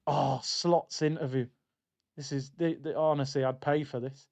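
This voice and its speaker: A man's voice: medium pitch, fairly even intonation, brisk, darkish tone, clean tone, lo-fi sound. A man hosting a football watchalong stream, chatting loosely and reading out viewer comments. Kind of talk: casual live-stream chat.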